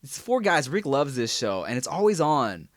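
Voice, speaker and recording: A man in his thirties co-hosting a casual podcast, telling stories with loud laughing outbursts. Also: medium pitch, very animated, moderate pace, dry recording, studio quality. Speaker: podcast co-host. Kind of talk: casual chat.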